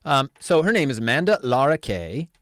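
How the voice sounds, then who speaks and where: A man's voice: medium pitch, big pitch swings, normal speed, fairly bright tone, no echo, studio quality. A man hosting a podcast interview in a jokey, easygoing way, laughing often. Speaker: podcast host. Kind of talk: casual interview chat.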